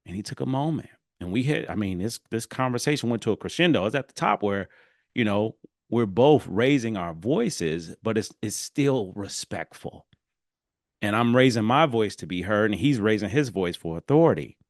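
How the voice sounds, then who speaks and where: A man hosting a solo podcast, telling his story with lively swings that fall to low, quiet emphasis. His voice sits on the deeper side, recorded close and dry with no room around it. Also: normal speed, dry recording. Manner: animated, acts out dialogue, drops low and quiet for emphasis. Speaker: podcast host.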